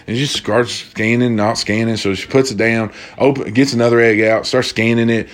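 In a lowish voice, a young adult man rants briskly through casual stories with hardly any pauses. His retelling is animated, profane and exasperated.

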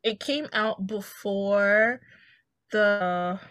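A woman's voice: mid-range voice, extremely slow, fairly bright tone, no room sound. A young woman co-hosting a podcast in casual chat, rambling and searching for her words. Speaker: podcast co-host.

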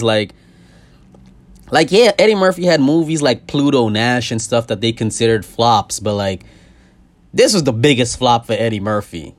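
A young man hosting a podcast, ranting casually and profanely, his voice swinging from loud outbursts to low asides. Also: animated, normal speed. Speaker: podcast host. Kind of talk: casual comedic rant.

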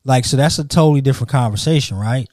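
A man in a casual chat who argues his side calmly and keeps raising counterpoints. His voice has a mid pitch. The recording is dry and close-miked. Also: no echo. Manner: argumentative, measured, pushes back with counterpoints. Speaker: podcast co-host.

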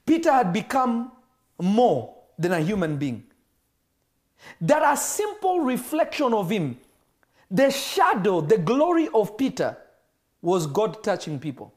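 Animated preacher with a lively voice. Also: male voice, high voice, unhurried. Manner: animated, acts out dialogue in varied voices. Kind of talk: sermon.

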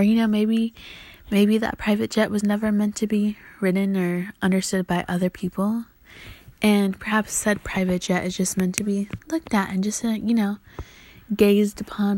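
A woman's voice: mid-range voice, darkish tone, no echo. A woman in her twenties hosting a solo podcast, rambling and swearing, often dropping to a whisper. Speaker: podcast host. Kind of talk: casual solo podcast monologue.

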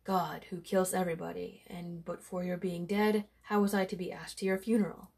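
A woman's voice: fairly low pitch, flat delivery, moderate pace, creaky, a little mellow, husky. An authoritative village priest from a folk tale, solemn and lecturing, as a woman reading the story puts him on. He sermonizes with firm rebukes. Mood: stern.

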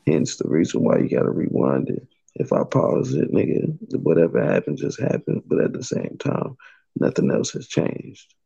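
Male co-host, deep gravelly voice, husky and dark, slightly tipsy, laid-back slang. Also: very animated, normal speed, muffled recording. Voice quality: very low, gravelly voice. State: tipsy after a couple drinks. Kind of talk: casual chat.

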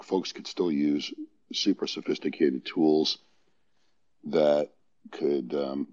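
A man with a New York accent explaining his view as a guest on a casual panel discussion, measured and thinking aloud. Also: rumbling low, a little mellow. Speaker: guest on a legal podcast. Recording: dull lo-fi audio.

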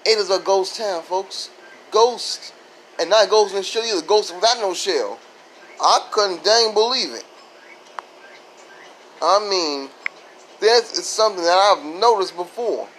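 A man's voice: sits high, expressive, measured pace, pauses often, a bit bright, slight background noise, low-quality recording. A man from Florida doing a rambling stand-up style comedy monologue, with sudden voice jumps and silly sound effects.

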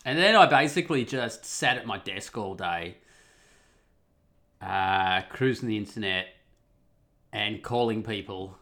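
Man with a bright, sharp voice. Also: lowish voice, animated, a little slow, long pauses. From Australia. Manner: rambling, profane, wry. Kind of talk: casual personal monologue.

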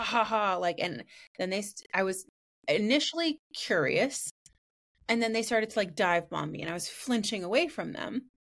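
A woman in her thirties with a mid-range voice, telling a story in casual podcast chat. She talks bluntly and swears freely, with plenty of animation. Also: medium pitch. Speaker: podcast host and spiritual practitioner.

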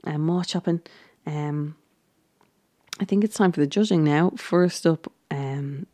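A woman's voice: low-pitched, slow, dark tone, no room sound. A woman casually recapping a baking show, chatty and giggly, with lots of ums and restarts.

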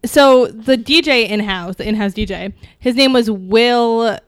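A young woman co-hosting a casual podcast chat, talking haltingly with lots of fillers and trailing off. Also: a little high, clean tone, no room sound, clean studio sound. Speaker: podcast co-host.

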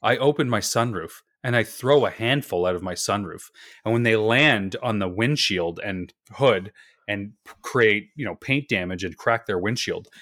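This podcast co-host from Canada has a fairly low, fairly bright voice and talks at a moderate pace. Exasperated and profane, he rants his way through stories in casual chat, on a dry, studio-quality recording.

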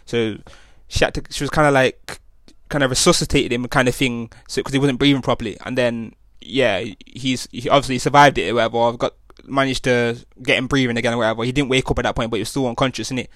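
A young man rattles through a personal story at a quick clip. His talk is slangy and rambling, with plenty of restarts and tag questions. The sound is dry and close, with no room around it. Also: mid-range voice, steady tone, a bit bright, no room sound. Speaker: podcast host. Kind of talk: casual storytelling monologue.

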